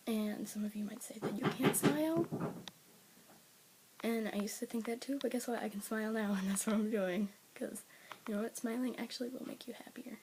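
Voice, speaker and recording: A woman with a slightly high voice talks to her viewers in a loose, rambling vlog, full of fillers. She keeps sinking into a breathy, half-whispered tone. A steady hiss with clicks sits under the recording. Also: a little fast. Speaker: vlogger. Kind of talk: casual talk to camera. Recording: clear background hiss with clicks.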